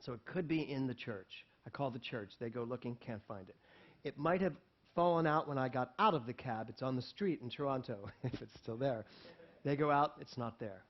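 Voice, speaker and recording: A male pastor of medium pitch and moderate pace tells a personal story in his sermon, heard through a dull lo-fi recording. He brings the people in it to life animatedly, with laughs between lines.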